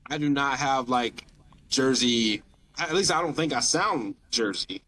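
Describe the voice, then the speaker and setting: A man's voice: medium pitch, unhurried, sharp tone. A man from the Southern United States with a light Southern accent, chatting as a podcast guest and telling stories animatedly. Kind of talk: casual chat.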